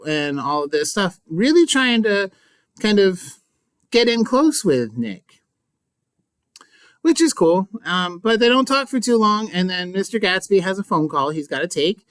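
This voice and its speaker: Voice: mid-range voice, very animated, unhurried, fairly bright tone, clean tone, no room sound. A teacher giving a casual, chatty recap of a book chapter, full of asides and playful remarks. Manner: playful, mock-dramatic. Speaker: English teacher.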